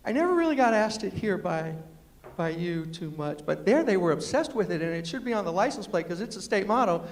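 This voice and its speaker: Before a live audience in a large lecture hall, a storyteller and humorist delivers a comic story, speaking a little fast in a fairly high voice. His New York accent shows a West Virginia tinge, and he leaps into quoted voices with big pitch swings. Long hall reverb trails his words.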